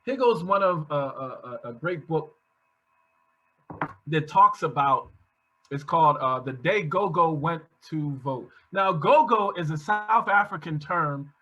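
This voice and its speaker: Bright-voiced animated man presenting. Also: a little high, measured pace, muffled recording. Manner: animated storyteller, frequent restarts and chuckles. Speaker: workshop presenter for teachers. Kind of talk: storytelling lecture.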